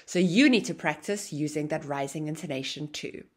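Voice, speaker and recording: A woman teaching an online English grammar lesson, explaining with a lively, sing-song intonation. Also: low voice, normal speed.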